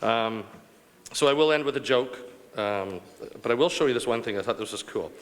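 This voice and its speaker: A man's voice: medium pitch, normal speed. A man from Canada giving a rambling, joking award acceptance speech to a live audience. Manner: rambling, joking, self-deprecating, with fillers. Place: large banquet hall. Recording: long hall reverb from a live event.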